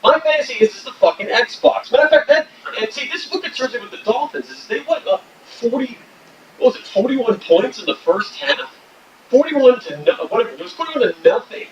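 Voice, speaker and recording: A man's voice: very high voice, expressive, fairly quick. A man co-hosting a casual sports podcast, ranting and swearing freely. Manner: profane, ranting. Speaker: podcast co-host. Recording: echoey, distant, dull, faint hiss.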